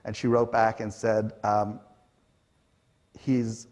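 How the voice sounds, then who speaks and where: A middle-aged Canadian man speaks in a lowish voice at a moderate pace. As a panel guest on a conference stage, he tells stories conversationally, staying animated, acting out quotes and using lots of fillers.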